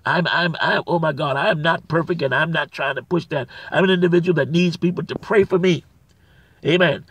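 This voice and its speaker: A man's voice: on the high side, brisk, a bit bright, breathy edge, no echo, distant mic. A male minister delivering a sermon, who repeats phrases and builds to emphatic declarations. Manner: preacherly, rises to emphatic declarations; repeats phrases, frequent uh fillers.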